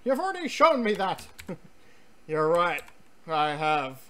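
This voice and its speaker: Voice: medium pitch, big pitch swings, slow pace, sharp tone. A game streamer giving rambling, chatty let's-play commentary, full of ums and restarts, sometimes reading on-screen text aloud.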